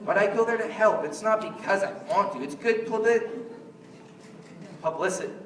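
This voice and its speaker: A man's voice: high-pitched, moderate pace, far from the mic, crowd noise. A man doing a stand-up comedy routine, rambling and jokey, often slipping into mock quotes of other people. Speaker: stand-up comic. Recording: echoey room, voice from afar.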